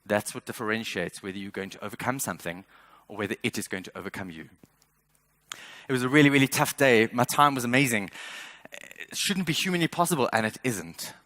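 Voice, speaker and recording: A man's voice: on the low side, a little fast, fairly bright tone, dry recording. Earnest man speaking on stage. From South Africa. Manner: earnest, emphatic, repeats words when building a point. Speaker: motivational speaker. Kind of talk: keynote speech.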